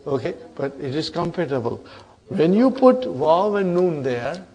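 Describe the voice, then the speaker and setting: A man's voice: fairly high pitch, very animated, unhurried, mellow. A man teaching grammar in a lesson, drilling verb forms and checking in with "huh?" and "okay?", calling his student brother. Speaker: Arabic teacher.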